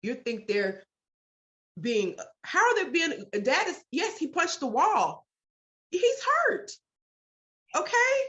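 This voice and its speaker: A middle-aged woman, a mother, telling in an interview about a hard hospital stay, emphatic and animated, repeating herself when upset. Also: high-pitched, slow pace. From United States. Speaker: parent telling her story. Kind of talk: interview storytelling. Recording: dull lo-fi sound.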